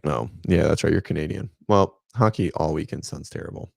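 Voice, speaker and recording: Man in his thirties, fitness host, low gravelly voice, laid-back rambling livestream chat. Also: a little fast, darkish tone, dry recording, studio quality. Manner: rambling, laid-back, talks to viewers by name. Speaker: fitness coach and channel host.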